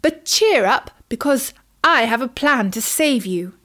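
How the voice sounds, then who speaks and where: A woman's voice: on the high side, animated, a little slow, a bit bright. A woman voicing a clever male hare in a storybook, speaking in a pompous, grand manner. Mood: kindly.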